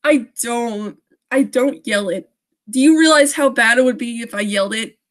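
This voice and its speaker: A woman's voice: fairly high pitch, moderate pace. A young woman reading a creepy story on a live stream, often breaking off to laugh and make sarcastic jokes about the writing.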